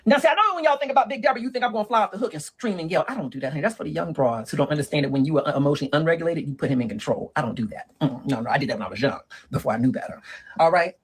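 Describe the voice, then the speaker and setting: Girl, honey, listen up: that's the refrain of this comic dating lecture, delivered by a performer as a sassy middle-aged woman. The mid-range voice is expressive and rapid-fire with a breathy edge, captured on a low-quality recording.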